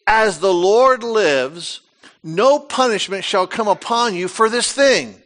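A man's voice: sits high, animated, slow pace, fairly bright tone, pitched above the performer's own voice, exaggerated voice. A man voicing a desperate pleading king. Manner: urgent, earnest pleading.

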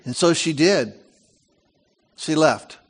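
A middle-aged man preaching a sermon, reading scripture aloud and breaking off into lively asides and family stories. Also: fairly high pitch, slow pace. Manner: animated storytelling, reads scripture with lively asides. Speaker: pastor.

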